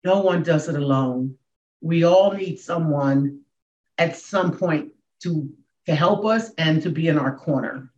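A woman in her sixties, a comedian and speaker, telling her story as a podcast guest with emphatic swings in pitch and volume. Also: a little slow, darkish tone. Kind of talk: emotional storytelling in a podcast interview. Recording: echoey, dull room sound.

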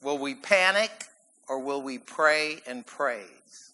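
A man preaching a sermon in an animated, emphatic way, often laughing as he goes. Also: mid-range voice, slow, poor audio. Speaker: pastor.

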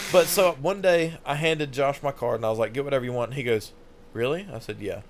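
A man's voice: medium pitch, fast, slight background noise. A young man casually telling a funny, profane story on a podcast, laughing often. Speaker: podcast host.

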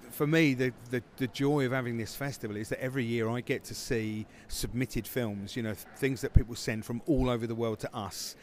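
A man's voice: medium pitch, steady tone, a little fast, hardly any pauses, a little hiss or hum. A man who founded a film festival, answering interview questions casually with many fillers and restarts.

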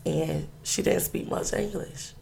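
A woman telling a personal story in an interview, halting and earnest, with many pauses and restarts. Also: low-pitched, vocal fry, darkish tone, a little hiss or hum.

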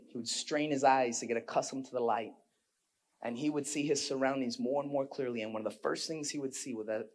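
A male pastor preaching a sermon. He swings from hushed storytelling to shouted preaching and puts rhetorical questions straight to the congregation. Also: mid-range voice.

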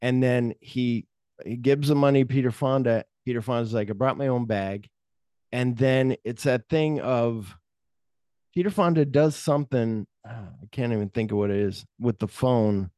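A man hosting a podcast, chatting casually about a film and rambling through scenes, acting out the lines in quick quoted voices. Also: medium pitch, dark tone, no echo, clean studio sound. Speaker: podcast host. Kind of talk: casual movie discussion.

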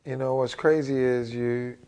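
A man in his forties, a basketball head coach, telling stories in an interview and acting out what people say with big jumps in his voice. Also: unhurried. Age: 40s. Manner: animated, acts out quotes with big pitch jumps. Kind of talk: energetic interview storytelling.

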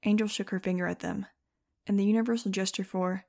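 A woman narrating an audiobook, reading lively scripted prose. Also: medium pitch, fast, creaky. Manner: lively, shifting into excited first-person telling.

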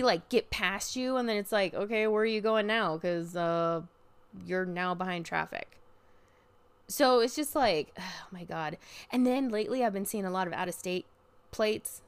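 A young woman ranting casually as a podcast host, swearing freely and bursting into loud outbursts. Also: mid-range voice, clear, resonant tone. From Oregon, US. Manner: animated, profane venting with sudden loud outbursts.

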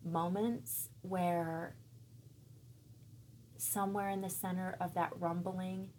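A woman in her thirties speaks slowly, in a lowish voice, about her faith. She sounds thoughtful and searching, and she often pauses mid-sentence to find the right word. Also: level tone, a little mellow, slight background noise. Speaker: church member and guest. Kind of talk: reflective faith conversation.

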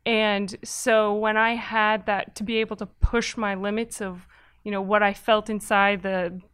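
Woman filmmaker guest: animated, talkative, smooth clear voice, dry close mic. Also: mid-range voice, measured pace, dry recording. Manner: animated, talkative, laughs often. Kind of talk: casual interview chat.

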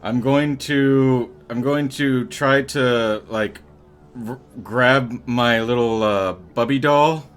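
A man's voice: mid-range voice, slow, clear, resonant tone. A man playing a tabletop game, thinking aloud hesitantly with many restarts. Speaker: player.

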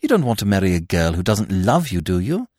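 A man's voice: medium pitch, huge pitch swings, normal speed, a little mellow, dry recording, studio quality, voice pushed up. A man voicing a harassed, impatient young woman who talks in a tense, clipped, exasperated way.

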